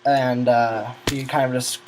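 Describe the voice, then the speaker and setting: A man's voice: mid-range voice, level tone, a little slow, background noise. A teenage boy telling a long, rambling story about gaming friends, often losing his train of thought. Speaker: gamer recounting a server's history.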